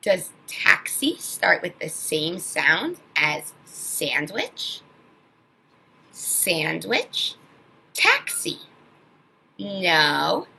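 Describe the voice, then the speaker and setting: Slow, breathy woman teaching phonics. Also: lowish voice, lively intonation, pushed and bright, low-quality recording. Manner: slow, exaggerated sounding-out of words. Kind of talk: children's phonics lesson.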